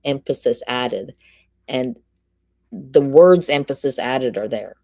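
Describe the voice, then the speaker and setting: A woman's voice: extremely low pitch, animated, takes it slowly, a little mellow, no echo. A woman reading a court ruling aloud on a live stream, stopping now and then to greet chat and drop dry quips. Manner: reads legal text aloud, breaks off to greet chat and make dry quips. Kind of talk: live-stream read-through with asides to chat.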